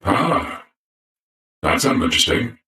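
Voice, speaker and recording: A man voicing a male robot trainer with a booster pack, a character he plays in a tabletop game, with a brisk, curious instructor's tone. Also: fairly low pitch, big pitch swings, sharp tone, very echoey, distant mic, heavily acted. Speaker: non-player character. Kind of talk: voiced role in a tabletop game.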